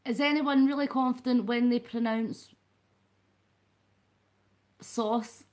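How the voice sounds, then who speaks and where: A Scottish woman chats her way through a late-night live stream, rambling happily from one thought to the next. She speaks straight to her viewers and calls them by name. Her voice sits a little high. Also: fairly even intonation, takes it slowly, a little mellow. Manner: rambling and chatty, talks to the chat by name. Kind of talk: casual live chat with viewers.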